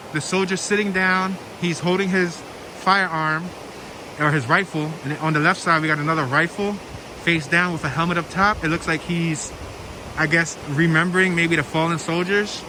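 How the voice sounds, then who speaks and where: A talkative man with a Philadelphia accent and a slightly raised voice narrates as he walks a small-town street. He muses aloud to his viewers, and the camera mic picks up a loud stream and passing cars. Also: sits high, steady tone, moderate pace. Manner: chatty, thinks aloud and talks to viewers. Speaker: walking tour vlogger. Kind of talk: narrated walking tour. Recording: noisy outdoor walk with stream and traffic. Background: flowing stream and passing traffic.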